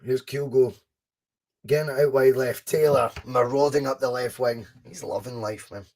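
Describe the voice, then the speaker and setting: A young Scottish man hosting a live fan watchalong, chatting casually, reacting excitedly to the match and answering viewers' comments. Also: medium pitch, normal speed. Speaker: podcast host doing a live fan watchalong.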